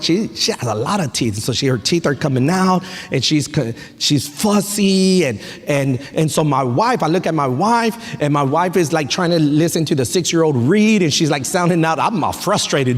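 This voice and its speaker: A man in his thirties preaching a sermon as pastor, animated and playful, with family stories and asides to the congregation. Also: high-pitched, moderate pace. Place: church sanctuary. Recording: echoey church hall.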